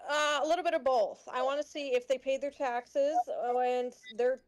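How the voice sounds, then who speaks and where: Tentative woman player, a touch high, talks through her ideas. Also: steady tone, normal speed. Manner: tentative, thinking aloud, lots of fillers. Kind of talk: tabletop game chat.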